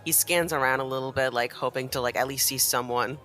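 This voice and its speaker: A man's voice: mid-range voice, fairly even intonation, brisk, pushed and bright, soft background music. A man playing a tabletop game, describing his character's actions in a rambling way. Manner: rambling, many fillers. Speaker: player.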